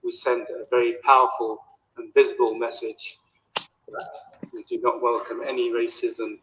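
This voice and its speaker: A man's voice: medium pitch, little pitch movement, moderate pace, a bit bright, rough recording. A man giving a public speech at a march. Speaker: speaker at a march. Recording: crowd noise behind, outdoor rally.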